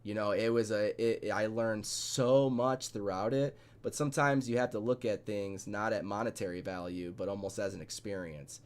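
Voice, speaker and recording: A man's voice: lowish voice, fairly even intonation, normal speed, few pauses. A man in a casual podcast chat, talking bluntly and rambling with plenty of swearing.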